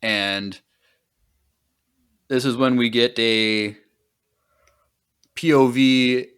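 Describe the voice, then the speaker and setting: A man's voice: mid-range voice, fairly even intonation, very slow, a bit bright, clear, resonant tone. A man hosting a podcast, retelling a book in casual, rambling chat full of fillers and trailing off at the ends of thoughts. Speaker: podcast host.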